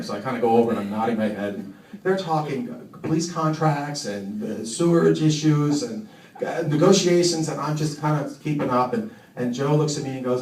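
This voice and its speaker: A man's voice: medium pitch, darkish tone. A man, a mayor, giving a tribute speech with lots of ums and self-deprecating humor. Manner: halting, filler-heavy, self-deprecating humor. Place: banquet hall. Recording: echoey hall from far off.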